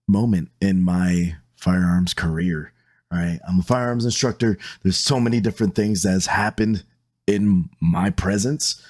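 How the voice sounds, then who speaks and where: Male instructor, casual storyteller, slightly low voice, animated and loose. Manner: animated, laid-back, swears casually. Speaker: firearms instructor.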